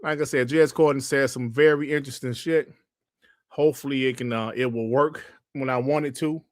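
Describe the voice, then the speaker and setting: A man's voice: mid-range voice, fairly even intonation, a little fast, no room sound, studio quality. A man hosting a gaming podcast livestream in a casual, profane, laid-back way, grumbling at technical trouble. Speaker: podcast host.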